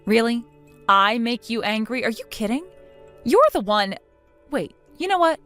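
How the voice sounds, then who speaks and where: A woman's voice: fairly high pitch, animated, moderate pace, fairly bright tone, soft background music. A synthetic woman's voice playing a defiant young daughter-in-law in a text-chat story, sarcastic and dismissive. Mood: upset.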